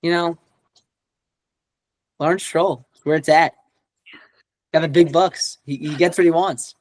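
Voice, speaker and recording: A man's voice: a little high, fairly even intonation, unhurried, dry recording. A man co-hosting a podcast in casual chat, rambling with lots of fillers and restarts. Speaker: podcast co-host.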